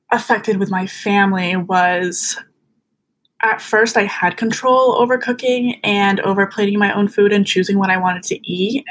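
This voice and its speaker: A woman's voice: medium pitch, fairly bright tone, poor audio. A young woman as a podcast guest, telling a personal story in an earnest, chatty way, full of fillers.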